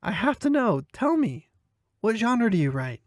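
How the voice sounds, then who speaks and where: A man voicing a friendly, cheerful young woman in a read-aloud short story, lifting his pitch and keeping her bright and chatty. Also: very animated, normal speed, dry recording, studio quality. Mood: eager.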